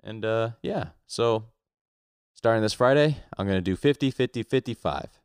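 A man's voice: fairly low pitch, animated, normal speed, clear, resonant tone, no room sound. A young man co-hosting a podcast in casual chat, loose and self-mocking, swearing freely. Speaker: podcast co-host.

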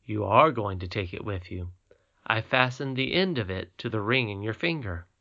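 A man doing a gentle, wise old grandmother queen. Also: lowish voice, muffled recording. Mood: tender instructing. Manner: calm, measured and tender. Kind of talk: audiobook character reading.

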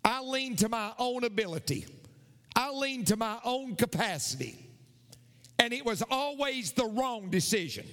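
A man's voice: extremely high pitch, a bit bright, in a large hall. A male pastor preaching a sermon, repeating his points with emphasis.

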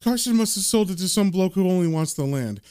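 A tearful but stubborn landlady who pleads and stands her ground, as a man reads her lines. Her lines rise a little in pitch. She sounds like she is in a comic-book recap. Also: expressive, fast talker, warm tone, clean tone. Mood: pleading. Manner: pleading, then defiant. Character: grieving woman pub manager, stubborn and tearful.

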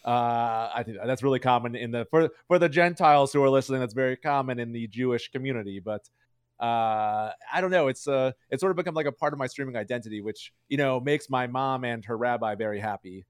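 Fast, smooth-voiced man rambling. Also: mid-range voice, no room sound, studio quality. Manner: rambling, full of "like" and "you know" fillers. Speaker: streamer guest. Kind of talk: casual interview chat.

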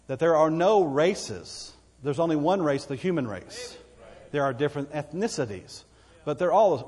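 A man's voice: a little high, darkish tone, breathy edge, in a large hall. A man with a Texan accent preaching a sermon as pastor, folksy and conversational, with asides to the congregation. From Texas.

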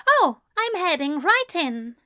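A woman's voice: sing-song, takes it slowly, pushed and bright, dry recording, clean studio sound, exaggerated voice. A woman voicing a flustered female angel posing as a nun, breathless and pleading. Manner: breathless, pleading, high and cried-out.

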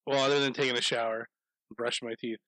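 A man's voice: medium pitch, fairly even intonation, a little fast, a bit bright. A man spins a long, rambling story in loose conversation, swearing freely and chuckling at his own tale. His voice sits in an ordinary middle range. The sound is dry, with no room echo. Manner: profane, rambling, laughs through anecdotes. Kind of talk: casual storytelling chat.

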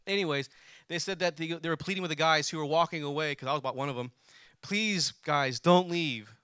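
A man delivers a sermon in an animated storytelling way, urging the congregation to say words back. His voice is bright and sits a little high for a man. The sound is close and dry. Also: very fast, clean tone, no echo. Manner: animated, calls on the congregation to respond. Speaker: preacher.

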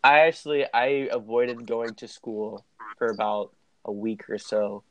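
A young man telling a story in a casual, animated way, swearing and laughing as he goes. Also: medium pitch, unhurried, dry recording.

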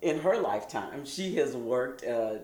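A speaker from Texas telling funny stories in casual chat, animated and quick to act out other people. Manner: animated storyteller, jumps into high impressions. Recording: roomy sound with crowd behind.

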